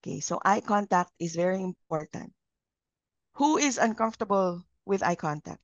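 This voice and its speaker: A woman's voice: medium pitch, lively intonation, normal speed, dry recording. A woman with a Filipino accent leading a live communication training, engaging the group with questions. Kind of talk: live training session, Taglish. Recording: dull lo-fi sound.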